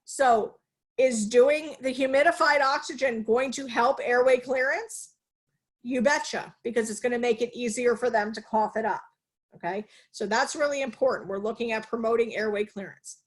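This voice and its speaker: A woman with a fairly high voice teaches nursing students in a live online class over a video call. She talks with energy, puts questions to the class and then answers them herself. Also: moderate pace. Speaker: nursing instructor.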